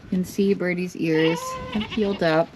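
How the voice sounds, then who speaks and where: A woman's voice: fairly low pitch, fairly even intonation, normal speed. A woman vlogging casually from her farm, cooing and baby-talking to her goats as she walks around. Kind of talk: casual farm vlog chat. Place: outdoors and in a barn with goats. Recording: noisy barnyard recording with goat bleats.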